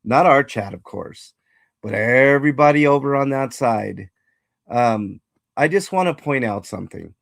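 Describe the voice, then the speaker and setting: A man's voice: mid-range voice, lively intonation, unhurried, creaky, no echo, studio quality. Rambling male livestream host. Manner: rambling, greets chat viewers by name. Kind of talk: casual livestream chat.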